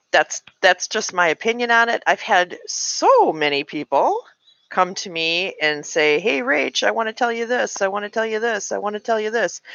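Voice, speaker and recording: A woman's voice: lowish voice, a bit bright, no room sound, muffled recording. A woman in her late forties chatting frankly to her live-stream viewers, venting and answering comments. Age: 40s. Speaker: livestream host. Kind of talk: casual live-stream chat.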